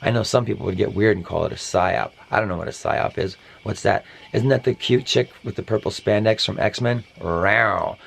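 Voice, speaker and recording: A man's voice: on the low side, moderate pace, vocal fry, few pauses, a little hiss or hum. A man hosting a parody podcast, rambling through a satirical monologue with offhand, mock-conspiratorial asides.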